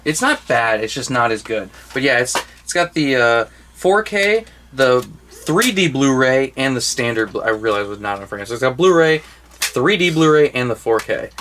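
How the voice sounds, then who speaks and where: A man's voice: medium pitch, very animated, normal speed, a bit bright, a little hiss or hum. A young man co-hosting a casual movie collection video, talking enthusiastically and rambling, with casual swearing. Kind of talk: casual chat.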